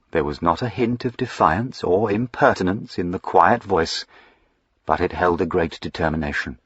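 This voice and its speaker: Deep husky male audiobook narrator. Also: normal speed, dry recording, highs cut off. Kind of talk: scripted narration.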